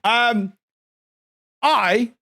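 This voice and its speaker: A man's voice: extremely high pitch, drawn-out words, bright, forceful tone, no room sound, clean studio sound. A man streaming a game, chatting casually and giggling as he stumbles through reading text aloud. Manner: giggly, stumbles over words and restarts readings.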